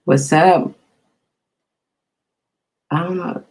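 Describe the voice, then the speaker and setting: A man's voice: fairly high pitch, steady tone, very slow, a little mellow, poor audio. A man hosting a casual live stream, chatting easily and greeting viewers by name.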